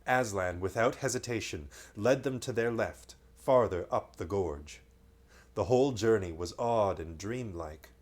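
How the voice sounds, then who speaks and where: A man's voice: on the low side, unhurried, darkish tone. Male storyteller for a bedtime reading; reads steadily, drops in light jokes. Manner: reads aloud, breaking off for playful joking asides.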